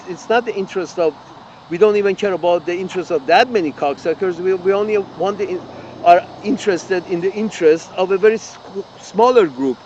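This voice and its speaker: High-voiced man ranting angrily. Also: lo-fi sound, slight background noise. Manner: angry, profane, repetitive ranting with frequent restarts. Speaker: political commentator. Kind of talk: ranting open-letter monologue.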